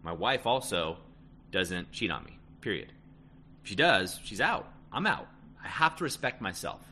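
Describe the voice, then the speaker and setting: A man's voice: fairly low pitch, sing-song, normal speed, bright, forceful tone, a little hiss or hum. A man coaching listeners on relationships in a casual, emphatic way, often tagging lines with "right?". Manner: emphatic, repeats "right?" and "end of story". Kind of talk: casual advice talk.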